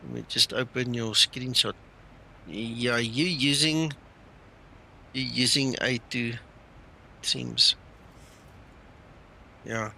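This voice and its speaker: A man hosting a flight simulator live stream, chatting loosely and talking himself through each step. His voice has a gravelly edge and a very bright, forceful tone. A faint hiss of noise sits under the talk. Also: medium pitch, steady tone, slow, long pauses, poor audio. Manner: chatty, thinks aloud while flying. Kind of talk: casual live-stream chat.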